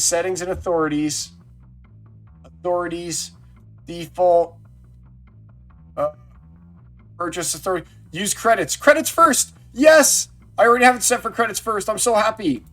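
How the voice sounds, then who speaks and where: A fairly high-voiced man chatting live with his viewers as he plays a card game. He thinks out loud, jumps into loud excited outbursts, and keeps up a running commentary. Faint music plays under his voice. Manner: excitable, talks to chat, thinks aloud. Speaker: game streamer. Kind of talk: casual live-stream chat.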